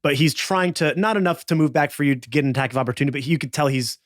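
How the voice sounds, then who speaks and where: A man running a tabletop game as game master, calmly narrating rolls and what happens. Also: fairly high pitch, very fast, dry recording, clean studio sound. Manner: calm, narrating rolls and outcomes.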